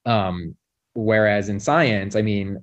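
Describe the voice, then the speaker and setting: A man's voice: fairly low pitch, steady tone, slow pace, dull audio. A man who is a postdoctoral researcher, explaining lab work in casual conversation in a wry way. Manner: explanatory, wry, many fillers.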